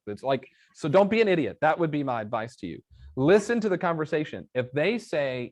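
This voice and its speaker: A man's voice: on the high side, animated, brisk. A man as an interview guest, explaining real estate outreach and acting out phone calls with quoted lines. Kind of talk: conversational interview, storytelling with examples.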